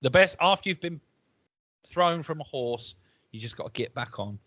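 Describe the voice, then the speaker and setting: A comedian from England co-hosting a podcast over a video call, rambling through stories and acting out quotes in high voices. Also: male voice, animated, moderate pace, fairly bright tone, no echo. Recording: muffled, dry call audio.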